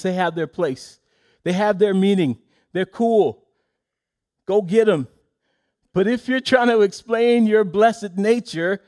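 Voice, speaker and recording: A man with a high, light voice preaching a Sunday sermon. He talks in a measured way and circles back to the same phrases. He slows right down when he stresses a line. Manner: measured preaching, repeats key phrases with slow emphasis; soft, low reading of scripture. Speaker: pastor.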